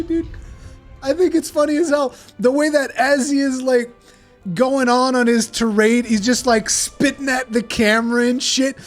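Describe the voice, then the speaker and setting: A male game streamer with a fairly high voice rambles casually to his viewers and swears freely as he goes. Faint music plays underneath his chatter. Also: moderate pace. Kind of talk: casual live-stream chat.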